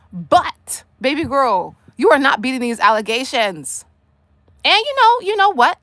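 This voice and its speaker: A woman hosting a casual commentary livestream, sassy and animated, talking straight to the people she discusses. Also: on the high side, no echo. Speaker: livestream host.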